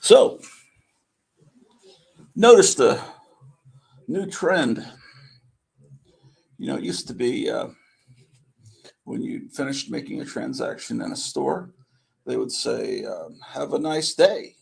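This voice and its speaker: A man's voice: medium pitch, expressive, slow, vocal fry, pauses often, slightly rough. A man hosting his own live stream, chatting in a loose, meandering way with wry, self-deprecating asides, talking into his computer microphone. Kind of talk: casual rambling live stream chat.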